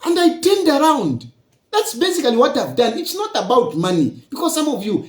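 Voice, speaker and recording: A man's voice: very high voice, huge pitch swings, normal speed, a little mellow, reverberant. A man with a Zambian accent, a politician giving a public address and lecturing his rivals with rhetorical questions.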